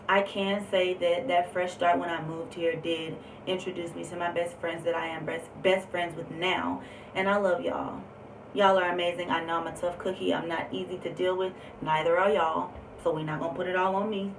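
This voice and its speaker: A woman's voice: fairly low pitch, level tone, normal speed. A woman telling a personal story on a vlog, candid and emphatic, with lots of fillers. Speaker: vlogger. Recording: roomy echo, distant mic, faint background noise.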